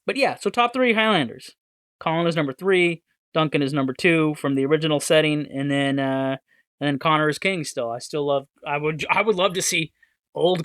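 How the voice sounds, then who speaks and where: A man's voice: on the high side, sharp tone, no echo, studio quality. A man hosting a podcast, talking casually in a rambling, enthusiastic, self-deprecating way. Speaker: podcast host. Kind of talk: casual chat.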